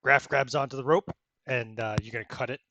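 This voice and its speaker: A man's voice: medium pitch, fairly even intonation, fairly quick, bright, forceful tone, dry recording. A man running a tabletop role-playing game, narrating in a casual, laid-back way and laughing often. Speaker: game master.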